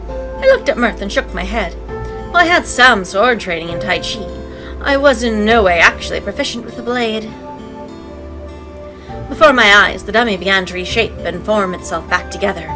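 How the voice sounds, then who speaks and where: A woman's voice: medium pitch, expressive, moderate pace, long pauses, over music, rough recording. A woman narrating a visual novel aloud as a let's play, breaking in with sarcastic, playful asides. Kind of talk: reading game text aloud with commentary.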